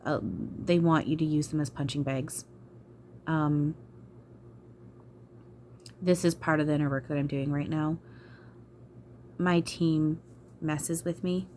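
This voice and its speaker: Low-voiced woman venting on her vlog, sighs a lot, swears, frustrated. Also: fairly even intonation, takes it slowly, pauses often, darkish tone, slight background noise. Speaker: spiritual channeler. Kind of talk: emotional vlog talk.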